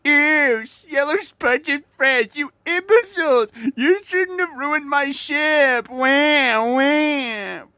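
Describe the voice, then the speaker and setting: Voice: high voice, slow, hardly any pauses, pushed and bright, no room sound, pitched above the performer's own voice, exaggerated voice. A fan performer doing a mocking impression of a whiny, bossy ghost pirate captain in a homemade cartoon. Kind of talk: fan-made cartoon voice acting.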